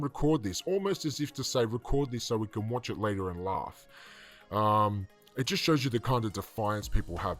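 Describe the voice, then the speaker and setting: A man giving casual, indignant commentary on a video clip, rambling with fillers and restarts. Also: fairly low pitch. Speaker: online commentator.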